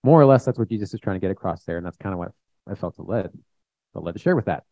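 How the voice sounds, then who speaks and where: A man's voice: deep voice, lively intonation, racing, warm tone, no room sound. A young man giving a plain-spoken, conversational sermon, reading scripture and acting out quotes. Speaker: preacher. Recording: dull, muffled recording.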